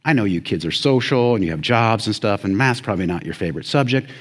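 Kind patient woman teacher, as a male preacher puts her on, soft and encouraging, husky. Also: deep voice, lively intonation, very fast, in a large hall, pitched below the performer's own voice. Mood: gentle.

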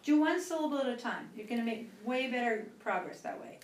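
A woman's voice: on the high side, expressive, fairly quick. A woman teacher guiding students through reading aloud syllable by syllable, patient and encouraging. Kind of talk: classroom instruction. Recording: roomy classroom audio from a distance.

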